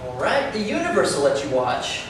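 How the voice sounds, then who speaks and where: A man's voice: fairly high pitch, wildly swooping pitch, a little fast, a bit bright. An actor playing a bitter, sarcastic young male student telling a gossipy story in an amateur stage play. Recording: distant echoey hall with noise.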